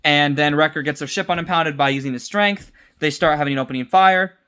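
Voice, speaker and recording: A man's voice: a little high, a little fast, bright, forceful tone, clear, resonant tone. A tired young man giving a casual, unscripted episode review, rambling with restarts and mixing up names.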